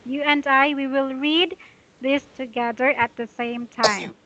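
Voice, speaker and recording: A woman teaching English pronunciation, explaining slowly and repeating her instructions patiently. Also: high voice, steady tone, bright, forceful tone, dull audio. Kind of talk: giving a pronunciation lesson.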